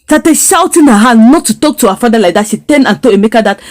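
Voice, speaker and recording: A woman's voice: fairly high pitch, expressive, normal speed. A woman recapping a drama series, emphatic and indignant, hammering her points with repeated phrases. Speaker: series reviewer. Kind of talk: storytelling recap and critique.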